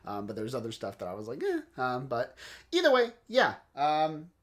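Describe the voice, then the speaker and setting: A relaxed man hosts a casual podcast chat. He sounds a bit tired, chuckles often and drifts through plenty of ums and uhs at a middle pitch. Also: moderate pace. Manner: laid-back, chuckles often, many fillers. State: tired, yawning. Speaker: podcast host.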